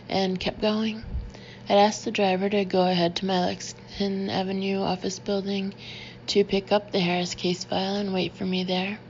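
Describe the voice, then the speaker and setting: A woman narrating an audiobook in the first person, with a steady and measured delivery. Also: mid-range voice, muffled recording, slight background noise.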